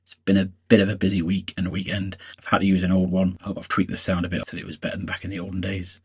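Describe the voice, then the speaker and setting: A man's voice: low-pitched, monotone, racing, slightly rough. A man giving practical, matter-of-fact tips for travelling fans, with a light joking touch. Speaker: contributor giving away-day travel tips. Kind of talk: pre-recorded guide for travelling fans. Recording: older home setup.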